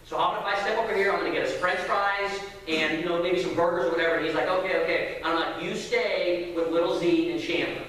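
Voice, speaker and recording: A man preaching, telling a family story with lively acted-out voices. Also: high-pitched, fast, few pauses. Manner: animated storyteller acting out voices. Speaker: pastor. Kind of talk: sermon storytelling. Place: church sanctuary. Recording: echoey hall from far off.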